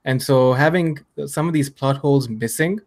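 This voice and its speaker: A man making an earnest point in casual podcast chat, thinking aloud and pausing on fillers as he goes. His pitch is middling and his delivery conversational. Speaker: podcast co-host.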